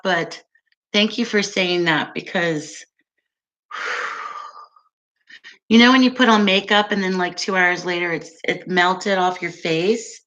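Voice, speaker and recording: A woman's voice: medium pitch, sharp tone. A woman hosting a casual livestream, chatting with viewers, laughing often and answering their comments. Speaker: livestream host.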